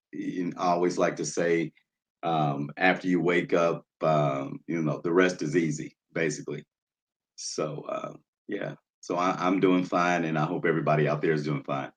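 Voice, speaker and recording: A man hosting a casual livestream, talking loosely with lots of fillers and greeting viewers in the chat by name. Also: low-pitched. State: nervous, jittery. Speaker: livestream host.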